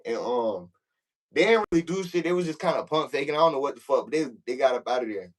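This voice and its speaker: A young man swaps stories as a podcast guest in an easy, rambling way, padding every thought with filler phrases and swearing freely. His pitch sits in the ordinary middle, and when he acts out a standoff he climbs noticeably louder and higher. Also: animated, fast, low-quality recording. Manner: loose, profane, full of "like" and "you know what I'm saying"; gets loud and high when reenacting confrontations. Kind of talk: casual storytelling.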